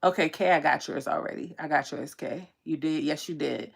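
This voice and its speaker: A young channel host and tarot reader speaks at normal speed in a low-pitched, gravelly, husky voice. During her casual livestream she shares open, spirited stories with her viewers, laughing and using slang.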